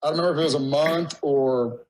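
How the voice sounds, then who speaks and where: Male guest, 30s, slightly higher voice, warm rambling storyteller who gets choked up. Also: fast, low-quality recording. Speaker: podcast guest. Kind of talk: casual conversation.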